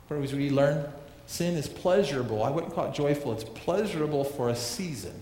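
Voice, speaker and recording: A man's voice: a little high, animated, brisk, hardly any pauses, darkish tone, a little hiss or hum. A male pastor preaching a sermon, emphatic, repeating phrases and asking rhetorical questions. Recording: echoey hall reverb, faint ambience.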